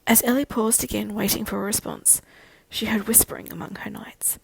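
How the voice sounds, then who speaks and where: A woman narrating a fan fiction audiobook in a steady storytelling manner. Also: medium pitch, fairly quick, gravelly, slightly rough, whispered, rough recording.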